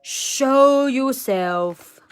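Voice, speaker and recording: A woman voicing a huge, blustering male dragon in a children's storybook, loud and theatrical. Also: animated, extremely slow, smooth, exaggerated voice. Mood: menacing. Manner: loud, theatrical, breaks into high laughter.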